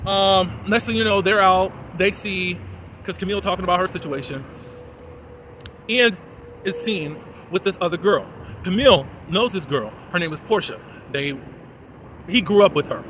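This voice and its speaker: A man giving a chatty, animated recap and commentary on a TV episode, full of fillers, recorded outdoors in a city. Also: sits high, moderate pace, long pauses, slight background noise. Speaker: TV episode reviewer.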